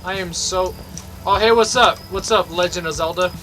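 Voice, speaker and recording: A man's voice: high-pitched, moderate pace, pushed and bright, slight background noise. A young man giving sweary, mock-angry let's play commentary. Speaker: gaming video host.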